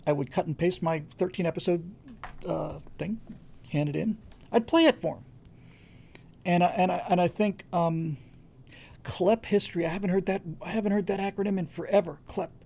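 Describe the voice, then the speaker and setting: A man's voice: high voice, normal speed, vocal fry, pauses often, a little mellow. A man hosting a livestream, answering viewer questions in casual, rambling talk with frequent restarts. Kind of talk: casual unscripted commentary.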